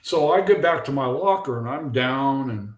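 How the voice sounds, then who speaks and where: A man's voice: mid-range voice, normal speed, reverberant, rough recording. An older man, a former ballplayer, telling stories casually on a video call and acting out the lines of the people in them. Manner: animated anecdote teller, acts out quotes. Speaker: guest, former baseball pitcher. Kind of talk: casual storytelling.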